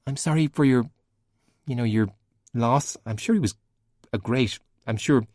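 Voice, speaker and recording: A man doing a blunt, gruff teenage girl sorcerer. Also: medium pitch, unhurried, a little mellow, no room sound, studio quality, natural voice. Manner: growling, blunt.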